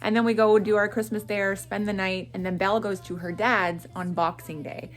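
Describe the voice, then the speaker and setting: A middle-aged woman from Atlantic Canada chatting through a morning vlog in an animated way. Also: mid-range voice, moderate pace, faint music behind. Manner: animated and chatty, with frequent laughs and self-talk asides. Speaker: vlogger.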